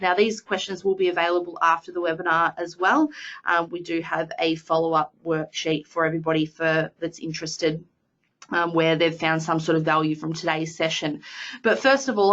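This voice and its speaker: An Australian woman giving a chatty, self-deprecating webinar talk on sales, filling her pauses with ums and uhs. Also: on the low side, a bit bright, muffled recording. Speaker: sales training presenter. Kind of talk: webinar presentation.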